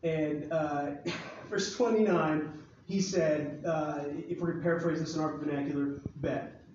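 Pastor, male, high voice, casual jokey sermon delivery, distant mic in a booming room. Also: fairly even intonation, moderate pace, a little mellow, slight background noise. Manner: joking, conversational, acts out Bible scenes. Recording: far-off echoey hall, dull sound.

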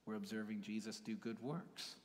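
A man with a lowish voice delivers a sermon in an easy, conversational way, sinking into soft whispers to drive a point home. His voice rings out with a long reverb, as in a big church hall. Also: fairly even intonation, normal speed. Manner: conversational preaching, dropping to hushed whispers for emphasis. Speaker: pastor.

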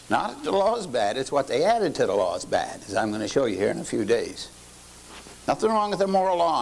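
Folksy older guy teaching bible class, keeps asking the crowd questions, high pitched, bit of hiss. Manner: folksy, quizzes audience with questions. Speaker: lay teacher. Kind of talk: lecture-style sermon.

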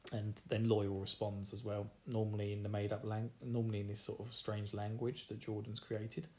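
Man, Essex accent, warm low-key tone; casual recap, jokey, performs character lines. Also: completely flat delivery, normal speed. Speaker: book recapper. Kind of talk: casual chat.

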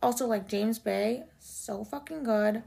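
A young woman chatting casually as a music vlogger, gushing like an excited fan. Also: on the high side, measured pace, vocal fry. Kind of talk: casual chat.

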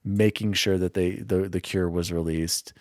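A young man hosting a casual gaming podcast, openly sentimental and quick to laugh at himself. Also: deep voice, steady tone, darkish tone, dry recording, clean studio sound. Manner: emotional, self-deprecating, quick to laugh. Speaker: podcast host.

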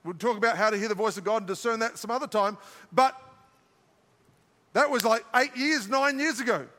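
Older Australian pastor, high bright voice. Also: male voice, fairly quick, long reverb tail, a little hiss or hum. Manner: joking, self-mocking asides. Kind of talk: sermon. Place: large church auditorium.

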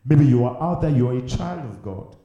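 A man's voice: mid-range voice, expressive, mellow, muffled recording. A man preaching a fervent sermon, urging listeners with repeated phrases and leading them in prayer. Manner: fervent, repetitive exhortation, breaks into slow song. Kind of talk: sermon with sung worship and altar call. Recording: very echoey room.

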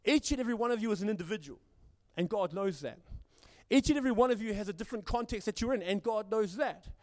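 A man's voice: high voice, expressive, fast, a little mellow. A man preaching a sermon as pastor, stammering on repeated words and acting out the voices he quotes. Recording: long hall reverb.

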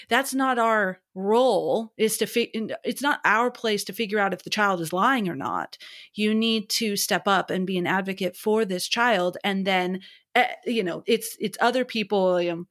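A woman's voice: mid-range voice, normal speed, fairly bright tone. Affirming woman host. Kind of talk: casual conversation.

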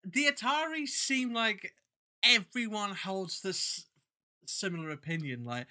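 A male podcast host chats casually about music. His voice is very bright and forceful, sitting a little high. He is blunt and enthusiastic, swearing freely. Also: normal speed. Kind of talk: casual chat.

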